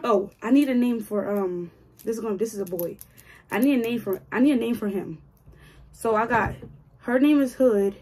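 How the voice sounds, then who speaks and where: A woman's voice: a little high, background noise. A woman chatting casually to her viewers while doing her own hair, joking and grumbling to herself as she goes. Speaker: hair vlogger.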